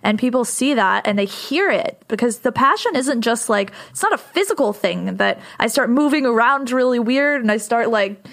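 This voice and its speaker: A woman's voice: fairly high pitch, lively intonation, moderate pace, creaky, hardly any pauses, fairly bright tone. A woman hosting an interview, reacting with enthusiasm. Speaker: host.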